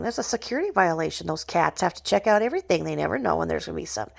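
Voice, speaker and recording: A woman's voice: fairly low pitch, gravelly. A woman ranting in a gossipy vlog, mocking someone and dropping to whispered asides. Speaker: vlogger.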